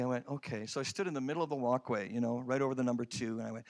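A middle-aged man, preaching a sermon as a pastor and telling a personal story, swinging between loud emphatic lines and hushed, prayerful ones. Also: medium pitch, very fast, few pauses.

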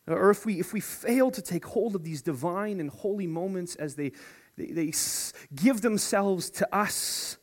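Preaching to his congregation, a man with a high voice is lively and playful, falling to near-whispers before rising into excited shouting.

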